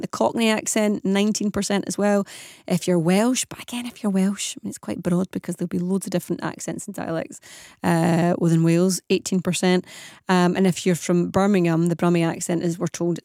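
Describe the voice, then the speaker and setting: Chatty and quick with her questions, this woman presents a morning radio phone-in and reads phone numbers aloud to listeners. She speaks at medium pitch with a darkish tone, in a dry, clean studio recording.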